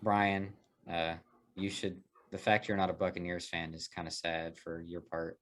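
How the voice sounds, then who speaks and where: Podcast host, male, lowish voice, playful ribbing, runs the segment. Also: flat delivery, fairly bright tone. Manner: teasing, quick banter, leads the picks. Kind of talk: casual sports chat.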